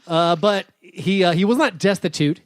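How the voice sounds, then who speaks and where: A man's voice: sits high, moderate pace, no room sound, clean studio sound. A man in his thirties, co-hosting a podcast, telling a rambling story full of fillers and restarts. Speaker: podcast co-host. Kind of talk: casual chat.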